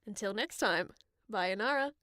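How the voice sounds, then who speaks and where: A woman's voice: medium pitch, lively intonation, moderate pace, sharp tone, no echo, clean studio sound. A woman co-hosting a gaming podcast in a playful, giggly casual chat. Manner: giggly, playful, hums tunes. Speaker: podcast co-host.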